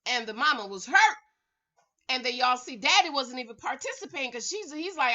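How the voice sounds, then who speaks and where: A woman's voice: high voice, expressive, fairly quick, bright, forceful tone, highs cut off. A woman recording a casual, sassy recap vlog at home, chatting to her viewers and calling them y'all, honey and girl. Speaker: reality TV recap vlogger.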